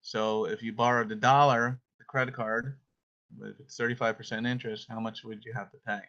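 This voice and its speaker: A teacher leads a homeschool lesson over a video call, calling on students one by one in a playful way. The voice is bright and forward. The call audio sounds dull and lo-fi. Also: medium pitch, level tone, brisk. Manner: playful, calls on students by name. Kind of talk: online homeschool class with scripture reading.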